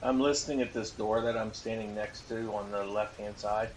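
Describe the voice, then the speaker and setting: Flat-voiced male player. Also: on the low side, moderate pace, slight background noise, low-quality recording. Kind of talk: describing character actions in a game.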